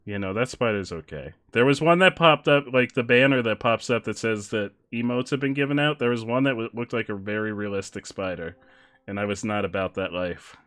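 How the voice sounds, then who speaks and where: Chatting casually with viewers as he games, a male streamer speaks a little fast in a fairly low, slightly bright voice. He's full of jokes and laughter and reads chat aloud.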